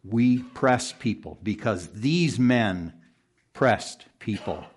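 A man preaching an expository sermon to a congregation in a room, earnest and pressing, jumping up for emphasis and dropping low and quiet at the ends of verses. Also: expressive, takes it slowly, husky. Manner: earnest, pressing, rises sharply for emphasis then drops low. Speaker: pastor.

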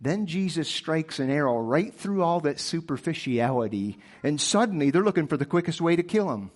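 A man's voice: fairly high pitch, animated, normal speed. A male preacher delivering a sermon with emphatic rhetorical questions, often repeating himself as he presses a point.

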